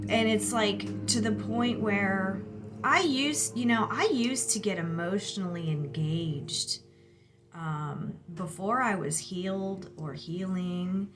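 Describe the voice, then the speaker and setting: Slow-talking woman venting, lots of "like". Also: medium pitch. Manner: rambling, lots of "like", exasperated venting. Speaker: mother venting about her kids. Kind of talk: casual monologue. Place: outdoors near a lawnmower.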